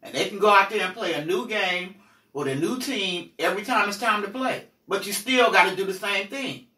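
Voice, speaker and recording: Middle-aged woman, blunt and cussing, bright voice, roomy echo, a bit off mic. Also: medium pitch, moderate pace, recorded from a distance. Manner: blunt, profane, animated storytelling. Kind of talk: candid storytelling talk.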